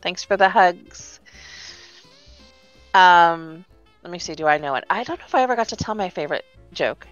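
A woman hosting a virtual-world event in casual chat, emotional and halting, with many fillers. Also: lowish voice, expressive, dry recording, muffled recording, faint music behind.

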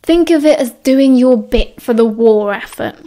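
A woman's voice: fairly high pitch, mellow, natural voice. A woman with a British accent voicing a cheerful, bossy teenage schoolboy who chivvies his friends along. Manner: brisk, chivvying.

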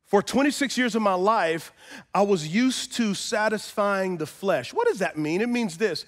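A middle-aged man, a pastor preaching a sermon, who moves from calm storytelling to loud, impassioned crying out. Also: high voice, normal speed.

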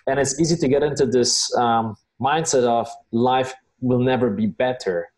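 A man's voice: medium pitch, normal speed, darkish tone. A man hosting an interview, reflecting on his guest's story in an encouraging way, with some "um" fillers. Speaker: interview host. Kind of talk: interview conversation.

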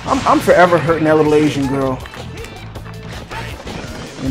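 A man giving casual, rambling gameplay commentary, joking around with sudden excited outbursts. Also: a little high, moderate pace. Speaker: gaming channel host. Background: game music.

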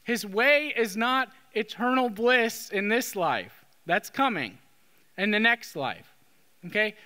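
A man's voice: high voice, sing-song, takes it slowly, pushed and bright. A man preaching a sermon as a Catholic priest, talking in a conversational way and often checking in with "okay?". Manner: conversational, with frequent "okay?" tag questions. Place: church. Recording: long reverb of a church hall.

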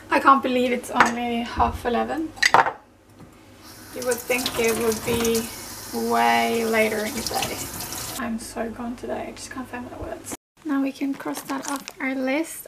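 A young woman vlogging casually while sick with a fever, talking softly and often dropping to a whisper. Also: on the high side, fairly even intonation, measured pace, creaky, noisy background. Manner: soft, tired, often drops to a whisper. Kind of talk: casual vlog chat.

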